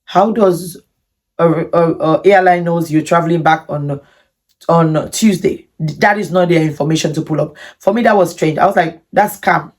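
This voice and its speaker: A woman vlogger telling a personal story to camera in an animated, indignant way, with many repetitions. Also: sits low, moderate pace. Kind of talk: storytime vlog.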